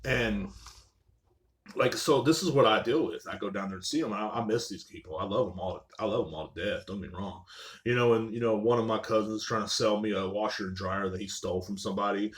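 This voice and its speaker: Young male podcast host, slightly low voice; loose, profane, rambling solo storytelling. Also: fast. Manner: rambling, profane, filler-heavy with "like" and "you know what I'm saying".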